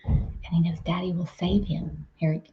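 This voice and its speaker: A woman's voice: fairly low pitch, little pitch movement, normal speed, highs cut off. A woman hosting her farm channel, chatting casually with viewers in a rambling, teasing way. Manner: chatty, rambling, laughs and teases. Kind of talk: casual live chat with viewers.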